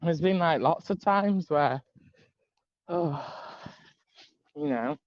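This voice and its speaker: A man's voice: fairly high pitch, expressive, slow pace, no echo. A man, a guest telling stories in a casual chat, hesitant and reflective. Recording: dry, dull lo-fi mic.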